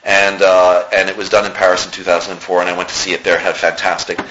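A man's voice: low voice, quick pace. A middle-aged man, a playwright, telling anecdotes in a casual interview and acting out the dialogue he quotes. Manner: animated anecdote-teller who acts out quoted dialogue. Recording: slightly muffled lo-fi recording with faint hiss.

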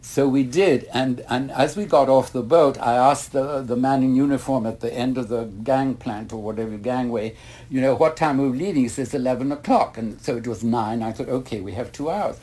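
A man's voice: mid-range voice, brisk. An older man, a retired ballet master, telling long rambling stories in a casual interview. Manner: rambling anecdotes, animated when retelling mishaps.

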